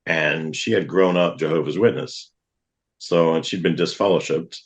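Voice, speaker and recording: Man, very low voice, middle-aged, earnest testimony, vivid storytelling. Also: steady tone, moderate pace. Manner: earnest, vivid retelling with acted-out quotes. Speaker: guest.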